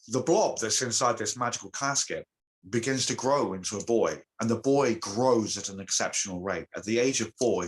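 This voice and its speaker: A man, a shamanic teacher, retelling an old myth as a guest in an animated, halting way. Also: lowish voice, low-quality recording. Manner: animated storyteller, halting with restarts. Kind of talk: telling a myth in conversation.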